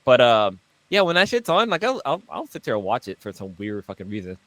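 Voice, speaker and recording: A man co-hosting a podcast in casual chat, animated, laughing as he talks and swearing offhand. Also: medium pitch, fairly quick, no room sound. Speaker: podcast co-host.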